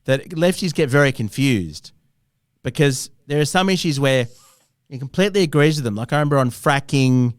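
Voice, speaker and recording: A man from Australia, a comedian co-host in casual chat, quick and sarcastic. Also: mid-range voice, dry recording, clean studio sound. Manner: sarcastic, quick, animated impressions.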